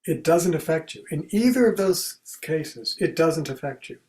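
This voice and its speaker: A man giving a contemplative spiritual talk in a conversational way, acting out everyday examples as quoted speech and going soft and quiet on key phrases. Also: fairly high pitch, expressive, moderate pace, poor audio. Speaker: spiritual teacher and speaker.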